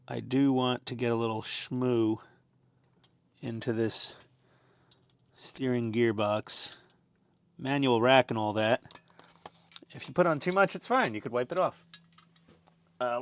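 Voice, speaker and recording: A man's voice: medium pitch, steady tone, takes it slowly, pauses often. A man giving casual, rambling commentary as he builds a scale model, chatty and self-deprecating.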